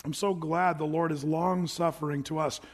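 A pastor preaching a sermon to his congregation in a church, animated and conversational, with rhetorical asides. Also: fairly high pitch, moderate pace, slightly rough. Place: church sanctuary. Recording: long reverb of a church hall.

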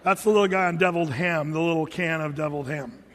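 A man preaching a sermon, animated and conversational, often repeating words and acting out the quotes he tells. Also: a little high, fast, big-room sound. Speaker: pastor.

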